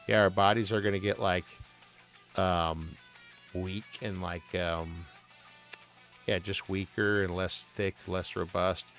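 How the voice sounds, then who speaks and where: A man's voice: low voice, a bit bright. A man streaming live, chatting casually in a rambling, profane, joking way over faint music.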